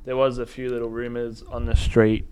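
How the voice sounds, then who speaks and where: A man's voice: medium pitch, monotone, moderate pace, mellow, clear, resonant tone. A man, a chef co-hosting a food podcast, talking in an easygoing, agreeable way and laughing often. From Australia. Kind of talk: casual podcast chat.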